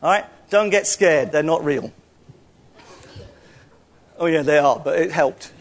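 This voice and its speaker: A man with a high voice leads a church gathering in an interactive sermon. He jokes and teases as he talks to the congregation, and raises his voice to call out across the room. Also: unhurried. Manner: playful, joking, calls out loudly to the room. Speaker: church speaker.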